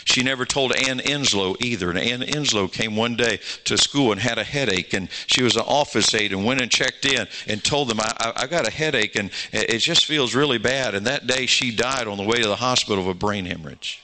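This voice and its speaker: Bright-voiced preacher man. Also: mid-range voice, a little fast, hardly any pauses. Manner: storytelling preacher, acts out dialogue, rising to fervent exhortation. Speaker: pastor. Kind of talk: sermon.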